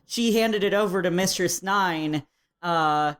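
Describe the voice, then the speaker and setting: A woman's voice: fairly low pitch, slow pace. A woman co-hosting a podcast, recapping a game in casual chat with frequent laughs and fillers. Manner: chatty, laughs often, lots of fillers. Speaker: podcast co-host.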